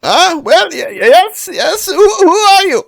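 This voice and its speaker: A man's voice: extremely high pitch, lively intonation, moderate pace, dry recording, clean studio sound. A man voicing a forgetful, jittery old woman who keeps a temple, stammering and repeating herself. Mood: doddering.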